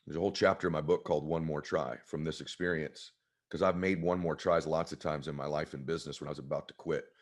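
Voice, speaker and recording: A man's voice: extremely low pitch, fairly even intonation, quick pace. A man telling a personal story as a guest in an interview, earnest and choked up with emotion. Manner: earnest, heartfelt. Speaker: guest author.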